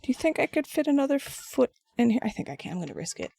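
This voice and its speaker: A woman's voice: high-pitched, very animated, fast talker, gravelly, mellow, no echo, studio quality. A woman streaming as she sculpts and paints, chatting casually and answering her viewers. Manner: chatty and rambling, answering chat with frequent restarts. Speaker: craft streamer.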